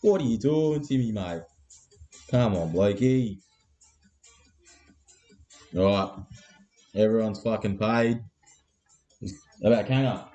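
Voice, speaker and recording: A man's voice: fairly low pitch, slow pace, long pauses, dark tone, muffled recording, soft background music. An Australian man hosting a live card break, with crude, laddish banter and constant swearing.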